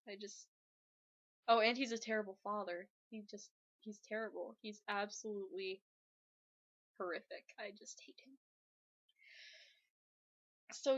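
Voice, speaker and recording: A young woman vlogger talks through a casual fan rant. She is exasperated and animated, and she rambles with plenty of fillers. Her voice is bright, clear and a little high.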